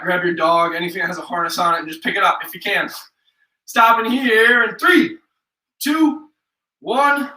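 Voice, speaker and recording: A man's voice: high-pitched, pushed and bright, reverberant, distant mic, low-quality recording. A man coaching a live workout class, upbeat, counting down and cueing each move. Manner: upbeat, counts down and cues moves. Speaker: fitness instructor.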